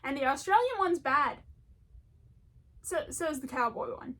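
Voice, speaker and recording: A woman's voice: sits high, animated, unhurried, a bit bright. A woman talking in a casual, rambling commentary, chatty and self-deprecating, often breaking into laughter. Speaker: video essayist.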